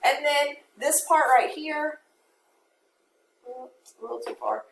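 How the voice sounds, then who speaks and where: Woman teacher, unhurried classroom delivery, recorded from far off with faint background hiss. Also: high-pitched, vocal fry. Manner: explains step by step, quotes verse aloud. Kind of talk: classroom poetry lesson. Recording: echoey room from a distance, faint noise.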